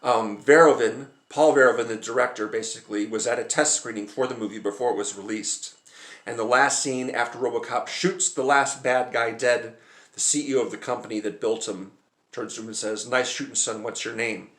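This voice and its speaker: A man's voice: medium pitch, brisk, fairly bright tone. A man chatting casually to camera about movies, rambling and hesitant with lots of filler sounds. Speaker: movie vlogger. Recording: roomy echoey room.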